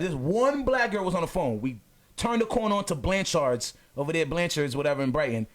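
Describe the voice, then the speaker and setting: A man telling a story in casual chat with friends, animated and laughing as he acts out voices. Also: on the high side, fairly quick.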